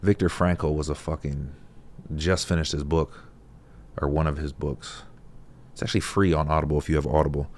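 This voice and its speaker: A man with an exceptionally deep voice talks to camera in a relaxed, reflective vlog. He speaks conversationally and swears freely as he shares his perspective. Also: moderate pace. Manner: laid-back, profane, conversational. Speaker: vlogger. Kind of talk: casual reflective talk to camera.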